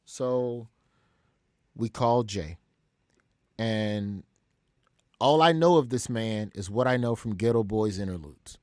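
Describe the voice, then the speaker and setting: A man's voice: fairly low pitch, unhurried, dry recording. A male comedian from Alabama telling a story vividly as a guest in an interview.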